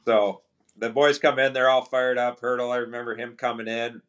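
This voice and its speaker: A man's voice: medium pitch, normal speed. A man, a pro hockey player as podcast guest, telling a story casually and acting out what teammates said. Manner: relaxed anecdotal, quotes teammates in dialogue; frequent restarts and fillers.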